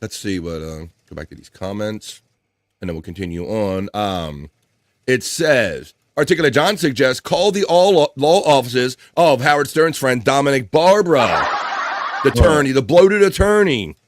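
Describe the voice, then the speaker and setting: A man's voice: medium pitch, lively intonation, moderate pace, no echo, studio quality. A man hosting a casual live stream, joking around and reading viewer comments aloud. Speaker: show host.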